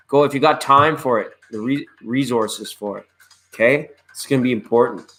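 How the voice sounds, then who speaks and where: A man's voice: medium pitch, moderate pace, fairly bright tone. A man hosting a live online tarot reading, chatting in a laid-back, rambling way and greeting viewers by name. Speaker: tarot reader and live show host.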